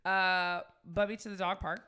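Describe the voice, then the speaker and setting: A woman's voice: lowish voice, normal speed, clean tone. A woman co-hosting a podcast, telling a story casually with lots of swearing. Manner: profane, animated storyteller. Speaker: podcast co-host.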